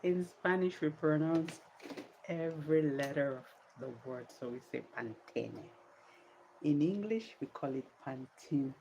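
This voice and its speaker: A woman's voice: deep voice, moderate pace, darkish tone, lo-fi sound, a little hiss or hum. A tired woman vlogger chatting casually on a livestream, pleading with viewers and drawing out her words.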